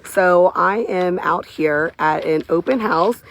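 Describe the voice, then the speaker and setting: Hoarse lady, real estate agent, slow gushing phone video walk through a new house. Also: fairly low pitch, slight background noise. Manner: gushing, enthusiastic, repeats "beautiful" and "I love". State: hoarse, lost voice. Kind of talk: casual live video house tour. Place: walking through a large house, indoors and out. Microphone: handheld phone camera.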